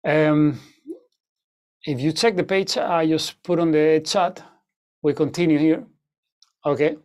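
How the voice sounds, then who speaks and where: Fairly high-voiced male guitar teacher, explanatory and loose, checking in with students often. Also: slow pace, a little mellow. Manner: explanatory, frequent "okay?" check-ins, hesitant fillers. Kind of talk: online masterclass teaching.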